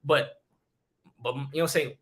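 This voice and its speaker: A young man streaming, telling a story in casual slang, swearing a lot and often repeating and restarting his phrases. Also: mid-range voice. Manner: rapid, profane slang, lots of repeats and restarts.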